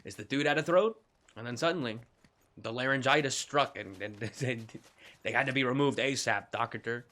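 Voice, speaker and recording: A man's voice: medium pitch, moderate pace, sharp tone. A young man streaming a video game, chatting casually with lots of jokes, swearing and laughter. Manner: rambling, joking, swearing, laughing often. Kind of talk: live gameplay commentary.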